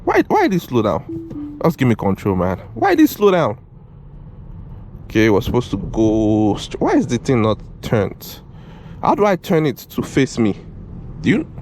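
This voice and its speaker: A young man giving casual, excitable driving commentary from inside a moving car, repeating himself and calling out "bro", recorded on a GoPro camera. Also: medium pitch, moderate pace, pauses often. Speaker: car reviewer. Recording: road and engine noise in car.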